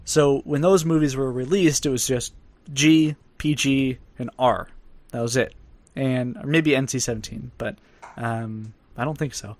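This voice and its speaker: A man's voice: mid-range voice, steady tone, unhurried, hardly any pauses, dry recording. A young man co-hosting a podcast in casual chat, rambling and laughing often as he talks. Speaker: podcast co-host.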